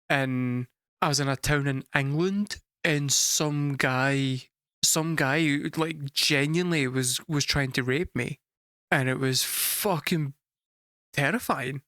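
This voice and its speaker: A young Scottish man telling a story casually to a live chat, animated and swearing freely, laughing through the punchlines. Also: medium pitch, slow pace, smooth, no room sound, clean studio sound. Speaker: music reaction streamer.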